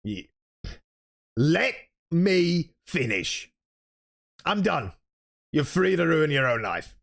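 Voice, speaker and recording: A man's voice: on the high side, big pitch swings, slow pace, creaky, pitched above the performer's own voice, heavily acted. A man doing a furious young guy, fed up. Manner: shouting, swearing, exasperated.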